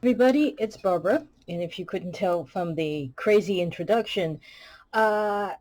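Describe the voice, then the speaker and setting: A woman's voice: mid-range voice, moderate pace, darkish tone, no echo, low-quality recording. A woman hosting a casual toy review vlog, chatty and playfully scolding.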